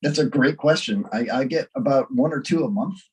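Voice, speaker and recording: A man's voice: medium pitch, fairly quick, a little mellow, far from the mic, poor audio. A man co-hosting a casual talk show, telling prank-call stories and laughing as he acts them out. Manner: laughs through stories, acts out phone calls. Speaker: podcast co-host.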